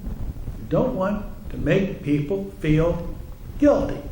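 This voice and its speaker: A man's voice: sits high, lively intonation, slow pace, warm tone, echoey room, a little hiss or hum, poor audio. A man, a psychotherapist, giving a humorous talk to a congregation, telling wry stories and turning to the audience with asides. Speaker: psychotherapist and speaker.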